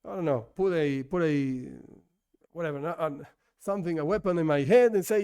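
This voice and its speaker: A rabbi teaching an informal religious class, talking conversationally with rhetorical questions and frequent restarts, as a non-native English speaker. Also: male voice, a little high, brisk, a little mellow, smooth. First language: not English.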